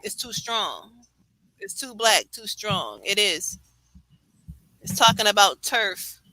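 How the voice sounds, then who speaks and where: A woman with a New York accent chatting casually on a late-night show, animated and rambling, laughing often. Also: medium pitch, slow, rough recording. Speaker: co-host.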